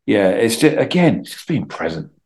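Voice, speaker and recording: A middle-aged Englishman talking casually as a podcast guest, telling animated stories and acting out quotes. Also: fairly low pitch, moderate pace. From England. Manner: chatty, animated storytelling with acted-out quotes. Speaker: guest actor.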